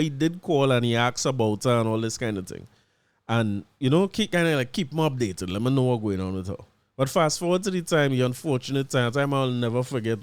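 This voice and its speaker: A man with a Trinidadian accent hosting his podcast, telling a story in casual chat, animated and laughing as he acts out what people said. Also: mid-range voice, dry recording. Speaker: podcast host.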